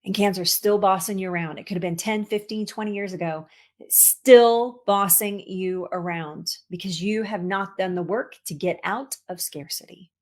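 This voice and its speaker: A woman, a cancer coach, giving an expressive motivational talk, repeating words for emphasis and laughing at herself. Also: medium pitch, normal speed.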